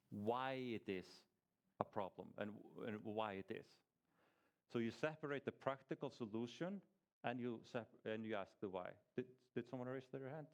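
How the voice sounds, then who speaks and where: A man with a medium-pitched voice teaches a small church group in a relaxed, conversational way, putting questions to them as he talks and often beginning his sentences again.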